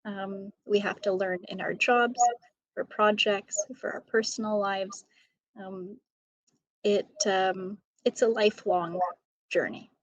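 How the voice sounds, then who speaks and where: Slow, measured woman author. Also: mid-range voice, steady tone, no room sound, rough recording. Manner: measured, many ums. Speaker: author and educator. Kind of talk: interview answers.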